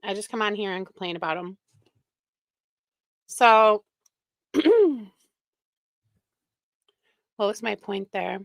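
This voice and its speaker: A woman's voice: mid-range voice, lively intonation, slow, vocal fry, pauses often, dry recording. A woman hosting a live stream, chatting casually and with exasperation, laughing often, close to the microphone. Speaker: livestream reaction host.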